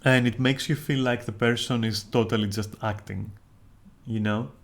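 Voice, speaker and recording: A man's voice: mid-range voice, fairly even intonation, moderate pace. A man streamer in casual, rambling chat, candid and profane, often restarting his sentences.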